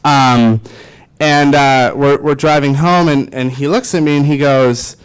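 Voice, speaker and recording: A man in his twenties giving a keynote speech, telling a personal story in a lively way with many fillers and restarts. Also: medium pitch, unhurried, clear, resonant tone, low-quality recording. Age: 20s. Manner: animated, filler-heavy, self-deprecating. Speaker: keynote speaker.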